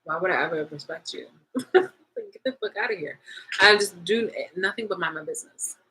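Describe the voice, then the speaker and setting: A woman's voice: animated, fairly quick, a little hiss or hum, rough recording. Blunt, profane woman ranting. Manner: profane, blunt, swings between loud and low; laughs often mid-rant. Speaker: vlogger. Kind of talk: casual rant to camera.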